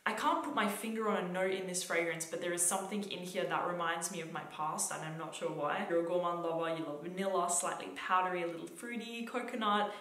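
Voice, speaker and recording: A woman's voice: lowish voice, steady tone, fast, few pauses, fairly bright tone. A young Australian woman reviewing fragrances in a vlog, talking in a gushing way with lots of "like" and repeated words. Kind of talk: enthusiastic product review vlog. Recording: echoey room.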